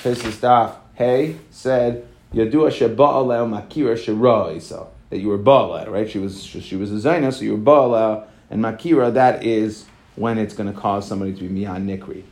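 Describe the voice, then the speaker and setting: A man's voice: lowish voice, darkish tone. Casual man teaching a Talmud class. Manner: reads Aramaic quickly, then explains in casual English with many "right?" and "okay". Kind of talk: Talmud class, reading and explaining.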